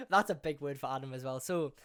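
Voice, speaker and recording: A young man, hosting a podcast and telling a school story in a casual, animated way, full of swearing and acted-out quotes. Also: a little high, moderate pace, vocal fry, a loud crowd. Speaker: podcast host.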